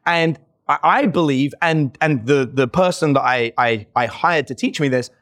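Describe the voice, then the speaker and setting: A man talking as a podcast guest, telling lively stories and acting out the people he quotes, with lots of "like" fillers. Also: a little high, normal speed. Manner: animated, acts out quoted voices, many "like" fillers. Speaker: podcast guest, dating company owner. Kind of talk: casual conversational storytelling.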